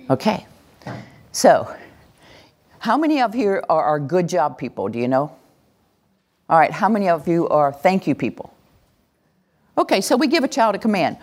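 A woman with a low voice leads an interactive teaching session for a live group in a room, speaking at a moderate pace with long pauses. She's an animated workshop presenter who acts out cheering voices as she goes.

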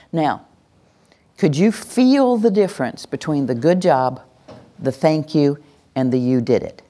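This workshop leader's voice sits low, and she talks at a measured pace broken by long pauses. Addressing a live group in a room in an interactive lesson, she's animated and acts out cheers.

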